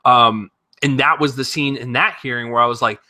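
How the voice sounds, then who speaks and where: A man giving a casual spoken movie review, animated and profane, rambling with lots of fillers and restarts. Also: medium pitch, moderate pace. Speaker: film reviewer.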